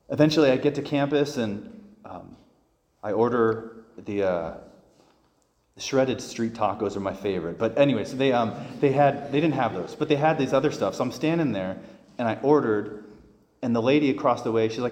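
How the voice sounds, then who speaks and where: Male priest, mid-pitched, loose homily delivery with stumbles, long church reverb. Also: moderate pace, a little mellow. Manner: conversational, many restarts and fillers. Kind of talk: homily with personal stories.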